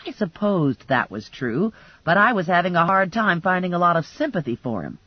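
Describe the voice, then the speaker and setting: A woman narrating a first-person crime comedy audiobook in a lively, wry storytelling manner. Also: on the low side, moderate pace, slightly rough, no echo, dull audio.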